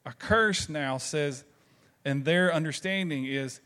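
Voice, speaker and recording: Slow and smooth, this man's fairly high voice carries a sharp tone as he preaches. He's a pastor from the Southern United States with a Southern accent, telling conversational stories and asking the congregation rhetorical questions.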